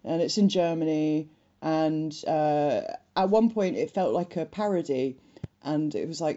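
A woman's voice: low-pitched, dark tone, dull audio. A woman, co-hosting a casual film chat podcast and making chatty, wry remarks. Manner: chatty, swears, does quick mocking voices. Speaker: podcast co-host.

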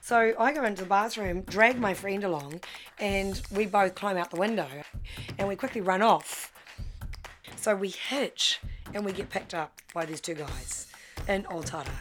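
A middle-aged woman recounting her past in a frank, animated way, slipping into quick impressions of the people she quotes. Her pitch sits in an ordinary middle range. A faint hiss of background noise runs under the voice. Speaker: guest storyteller. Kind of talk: personal storytelling.

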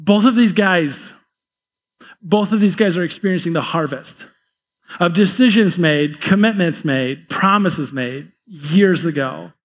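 A man's voice: high voice, measured pace, long reverb tail. A man preaching a sermon in a church, conversational and repeating words as he builds his points. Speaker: pastor. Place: church sanctuary.

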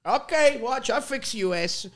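A man voicing his hot-tempered middle-aged immigrant father, who yells in broken English. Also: on the high side, lively intonation, moderate pace. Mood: irritated.

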